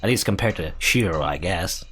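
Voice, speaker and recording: A man's voice: low-pitched, lively intonation, normal speed, a bit bright, a little hiss or hum. A man hosting a let's play, reading the game's text aloud and adding dry, sarcastic comments between lines. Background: faint game music.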